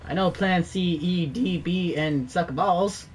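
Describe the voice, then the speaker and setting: A man's voice: sits high, takes it slowly, slight background noise. A young man playing an online shooter, swearing and trash-talking as he comments. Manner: profane, excitable trash talk. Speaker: gamer. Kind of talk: let's play commentary.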